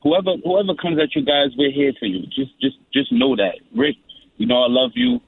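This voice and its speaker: A man's voice: mid-range voice, lively intonation, moderate pace, husky. A man calling in to a radio show, rambling with stammering restarts. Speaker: caller. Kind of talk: call-in radio chat. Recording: tinny phone line.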